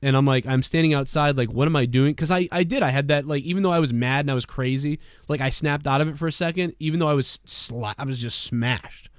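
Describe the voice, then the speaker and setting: A man's voice: on the high side, fast, few pauses, clean tone, no room sound, clean studio sound. A man telling a rambling, profane bar story in casual talk on a podcast. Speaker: podcast co-host.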